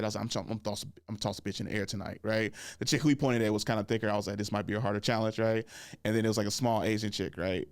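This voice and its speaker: Recorded with clean studio sound and no room echo, a man in his thirties hosts a podcast and tells a story in a relaxed way. His voice runs low, and he laughs frequently, leaning on "like" and "right?" as fillers.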